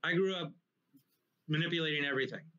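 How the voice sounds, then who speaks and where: Brief: male comedian guest, high-ish bright voice, rambling and profane, on a muffled lo-fi recording. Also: fast. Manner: rambling, profane, animated anecdotes. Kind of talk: casual storytelling in a live interview.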